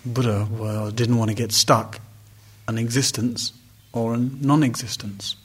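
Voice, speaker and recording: A man's voice: medium pitch, steady tone, measured pace, husky. A man giving a reflective, conversational dharma talk as a meditation teacher, with wry asides. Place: retreat center hall.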